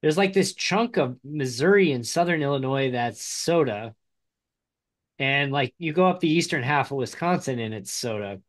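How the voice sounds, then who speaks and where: A man's voice: medium pitch, lively intonation, moderate pace, fairly bright tone. A man with a slight Midwestern accent co-hosting a casual talk show, chatty and rambling, laughing often. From Midwest United States. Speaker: podcast co-host. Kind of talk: casual chat.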